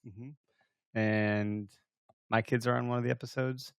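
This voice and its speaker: A man's voice: mid-range voice, level tone, measured pace, clear, resonant tone, dry recording, clean studio sound. A man hosting a podcast, chatting casually and joking around with some swearing. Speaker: podcast host. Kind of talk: casual chat.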